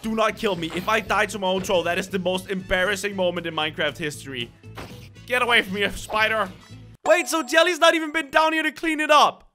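A young man hosting a gameplay video, commentating in an excitable, dramatic way. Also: high-pitched, a little fast, faint music behind. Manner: excitable, dramatic, shrieks at scares. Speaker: gaming video host.

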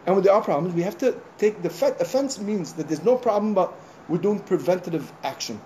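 A man, a rabbi, gives an informal sermon in a chatty storytelling manner. His voice sits a bit high and sounds warm and mellow, with a faint hum of room ambience behind it. He keeps breaking in with "you know" and slips into the voices of the people in his stories. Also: a little fast. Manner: animated storyteller, acting out conversations; conversational, frequent "you know" asides.

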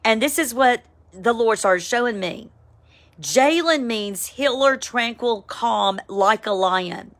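A woman, giving a casual, emphatic spoken devotional, with sudden excited high cries. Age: 50s. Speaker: Christian devotional vlogger. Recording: home, with a siren outside.

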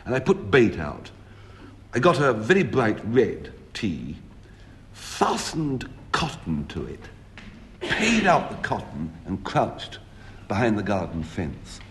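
A man on a radio comedy panel, telling a comic story with wry, deadpan delivery and dramatic pauses. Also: lowish voice, a little hiss or hum.

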